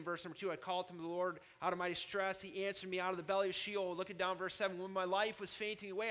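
A man preaching a sermon, moving from low, quiet asides to loud, shouted emphasis. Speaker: pastor.

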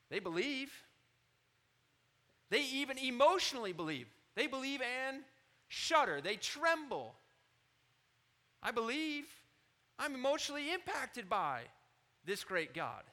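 A man in his thirties preaching a sermon as pastor, animated, rising loud on scripture quotes and dropping low to confide.

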